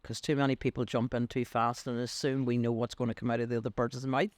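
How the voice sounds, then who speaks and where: An older woman with a Northern Irish accent, a business coach being interviewed on a podcast, telling stories with lively acted-out voices. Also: fast, no echo. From Northern Ireland. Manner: animated, acts out quoted voices with big pitch leaps. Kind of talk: podcast interview, anecdotal storytelling.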